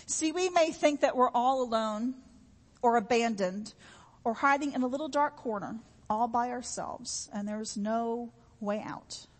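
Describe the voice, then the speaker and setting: A woman's voice: on the high side, unhurried, big-room sound. A woman preaching a sermon in an earnest, repetitive way, with homey everyday examples.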